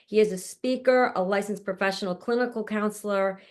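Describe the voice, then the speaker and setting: An effusive woman hosts an online panel from her home. She runs through each guest's credentials in a chatty, rambling way. Her voice sits at a middle pitch, and she laughs easily. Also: a little fast. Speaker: show host introducing a panel. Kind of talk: casual online introduction. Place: at home, mother nearby.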